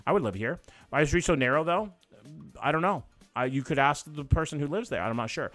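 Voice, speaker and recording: Talking fast and expressively, the young Canadian host has a slightly high, somewhat bright voice, with faint music behind him. On his live reaction stream he banters casually with viewers, swearing and joking at what he watches.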